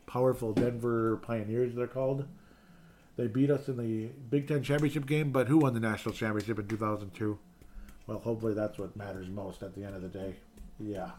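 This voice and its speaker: A man's voice: fairly low pitch, a little mellow, slight background noise. Rambling, self-mocking sports-talk man. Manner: rambling, self-deprecating, drops to mumbling asides. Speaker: sports podcast host reading viewer comments. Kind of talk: casual live-stream sports talk.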